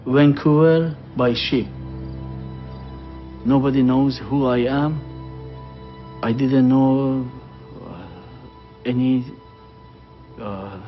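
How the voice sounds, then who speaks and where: Slow, halting middle-aged man. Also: mid-range voice, steady tone, faint music behind. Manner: halting, hesitant, with broken non-native grammar. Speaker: interviewee. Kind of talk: documentary interview. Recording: dull lo-fi documentary audio.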